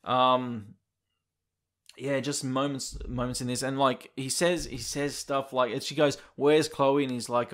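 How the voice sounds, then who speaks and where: A man co-hosting a casual gaming podcast, animated and swearing freely as he acts out quotes. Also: mid-range voice, normal speed. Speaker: podcast co-host.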